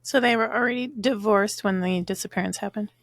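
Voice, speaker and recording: Woman, stuffy nose, slight vocal fry, dry close sound, casual podcast chat. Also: mid-range voice, a little fast, dry recording. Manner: short reactions and questions. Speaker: podcast co-host.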